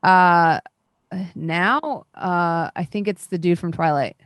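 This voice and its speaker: A woman's voice: on the low side, slow, clear, resonant tone, dry recording. A woman voicing a nervous young male accountant at a party, hesitant and stammering with many fillers. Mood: eager. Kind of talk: tabletop role-play.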